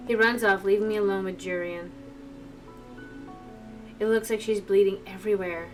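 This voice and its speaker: A woman's voice: medium pitch, fairly even intonation, normal speed. A woman streamer reading a visual novel aloud, breaking off into emotional, chatty asides to her viewers, from a distant mic with faint music behind.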